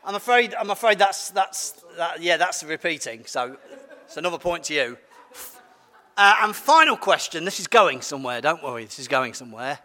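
A man's voice: high-pitched, sharp tone. A man, preaching a playful, interactive sermon and bantering with his congregation in a large church. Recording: long church hall reverb.

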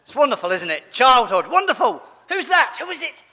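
Animated, bright-voiced man preaching in a hall. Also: extremely high pitch, fairly quick. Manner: animated, asks the audience questions, playful. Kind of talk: family-friendly sermon.

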